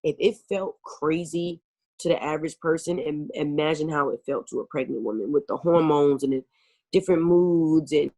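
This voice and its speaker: A woman's voice: sits low, normal speed, mellow. A woman singer, a guest on a talk show, speaking earnestly and emotionally over a video call and leaning often on "you know". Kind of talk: casual interview.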